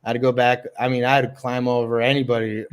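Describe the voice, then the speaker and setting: Man, mid-pitched, rambling, casual livestream host. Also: little pitch movement, fairly quick, clean tone. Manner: rambling, many ums and likes.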